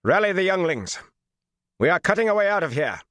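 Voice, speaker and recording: A man reading an audiobook, voicing a furious young male swordsman who speaks in a grating, flat, cold voice. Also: mid-range voice, slow, no echo, studio quality, voice pushed up. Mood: commanding. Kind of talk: audiobook character voice.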